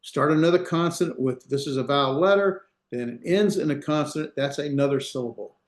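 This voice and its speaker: A man's voice: fairly high pitch, fairly quick, reverberant. A man teaching a class over a video call, explaining step by step with many fillers and restarts. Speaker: Hebrew instructor. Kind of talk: online class lecture. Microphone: computer mic on a video call.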